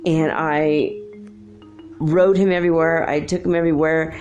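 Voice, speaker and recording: Chatty lady host telling a story, lowish voice, quotes people in lively voices. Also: normal speed, soft background music. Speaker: podcast host. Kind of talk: casual storytelling.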